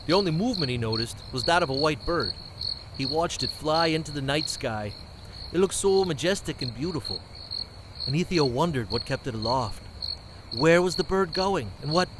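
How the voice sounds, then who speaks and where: A man narrating an amateur fantasy story in a plain, steady way. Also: mid-range voice, noisy background.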